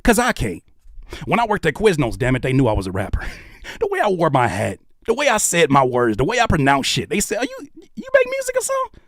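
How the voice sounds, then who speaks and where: Animated man giving heated reaction commentary. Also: mid-range voice, brisk, dry recording, studio quality. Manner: animated, preachy, swears freely. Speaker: rapper and YouTube commentator reacting to clips.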